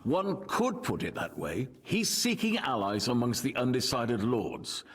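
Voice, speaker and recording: An actor playing a measured, diplomatic medieval nobleman who is loyal to his king, in video game voice acting. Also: mid-range voice, very animated, a bit bright, slightly rough, heavily acted. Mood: calm. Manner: diplomatic, composed.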